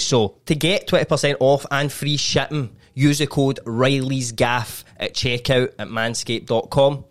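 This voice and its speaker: A man's voice: on the low side, smooth. A young man co-hosting a podcast, chatting casually with lots of swearing and jokes, and reading a sponsor ad. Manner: swearing, joking, laddish banter. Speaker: podcast co-host. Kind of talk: casual chat and read ad.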